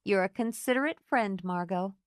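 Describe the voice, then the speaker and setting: A woman's voice: mid-range voice, moderate pace, no echo, close to an everyday voice. A woman voicing a wry, easygoing married woman friend with a dry, offhand manner.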